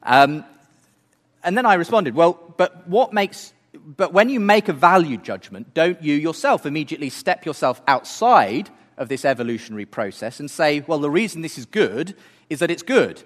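A man's voice: fairly high pitch, very animated, normal speed, big-room sound. A man giving an earnest talk, building his case through rhetorical questions. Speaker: speaker. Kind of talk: apologetics talk.

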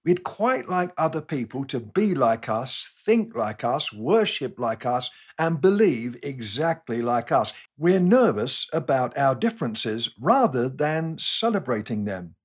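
A man's voice: medium pitch, very animated, unhurried, hardly any pauses, slightly rough. A man with an English accent giving a sermon, telling humorous self-deprecating stories in a wry, scripted way. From England. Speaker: preacher.

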